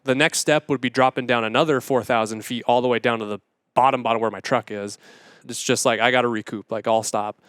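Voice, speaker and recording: A young man talks as a podcast guest, recounting a story in a loose, animated way with lots of fillers. His voice is smooth and clear, recorded dry and close. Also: medium pitch, quick pace, no room sound. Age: young adult. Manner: animated, many fillers, acts out his own thoughts. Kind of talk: casual storytelling.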